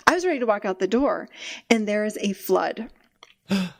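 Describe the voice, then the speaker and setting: A middle-aged woman hosting a podcast, telling stories in a lively way and laughing often, in a casual conversation. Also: mid-range voice, moderate pace, vocal fry. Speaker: podcast host and therapist.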